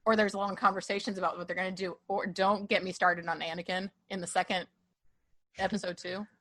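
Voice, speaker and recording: A woman's voice: mid-range voice, flat delivery, fairly quick, a bit bright. A woman guest on a podcast in casual chat, blunt and dramatic with self-mocking humor.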